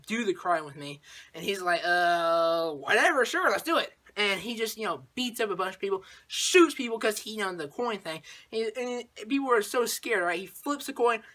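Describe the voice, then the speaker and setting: A man's voice: sits high, pushed and bright. A man hosting his own channel, recapping a movie in a casual, rambling way, full of fillers and sound effects.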